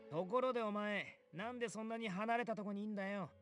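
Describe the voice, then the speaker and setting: A brash teenage boy from an anime game, firing off blunt, grumbling lines at a very fast clip. He sounds skeptical and sarcastic, rough around the edges. Faint game music sits behind him. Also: sits high, fairly bright tone. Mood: suspicious.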